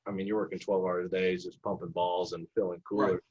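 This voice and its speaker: Low-pitched, slightly rough and quick-talking, this young man works as an assistant basketball coach. In a casual podcast interview he animatedly tells stories, performing the voices of whoever he quotes, all in dull lo-fi audio.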